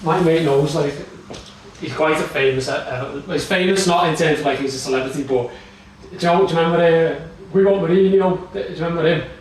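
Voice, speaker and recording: A man with a Liverpool accent rants about football, swearing freely and laughing between jabs. His voice sits a touch high for a man. The recording has an echoey room sound and a faint hiss behind it. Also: a little fast. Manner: sweary, animated ranting with laughter. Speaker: podcast co-host. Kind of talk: casual football chat.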